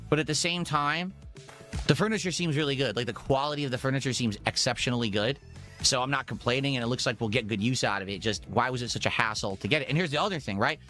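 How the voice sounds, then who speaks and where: A man's voice: medium pitch, fast talker, bright, forceful tone. A man co-hosting a casual chat, telling a rambling, exasperated story. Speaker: co-host. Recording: faint music behind.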